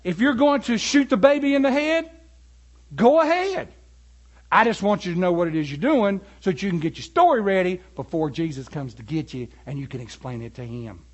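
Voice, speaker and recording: A man preaching a sermon, animated and building to emphatic peaks. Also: high voice, fairly quick, hardly any pauses, dull audio.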